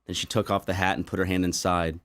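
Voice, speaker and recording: A man co-hosting a casual podcast, telling an absurd made-up story in a deadpan way. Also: deep voice, fast. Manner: tells absurd tall tales deadpan. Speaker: podcast co-host.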